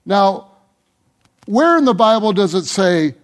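A man pastor preaching a sermon to his church, building emphasis on repeated words and dropping low and soft at the ends of phrases. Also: big pitch swings, slow pace.

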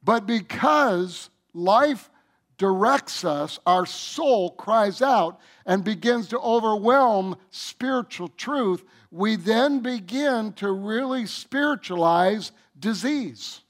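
Slow, high-voiced male pastor preaching. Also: animated, a bit bright. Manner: emphatic, addresses the congregation directly. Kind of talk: sermon.

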